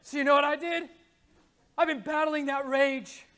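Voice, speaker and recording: A man speaking at a conference, preaching with passion in casual slang. He swings from hushed asides to shouted pleas. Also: very high-pitched, fairly even intonation, moderate pace. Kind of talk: impassioned religious talk. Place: conference stage.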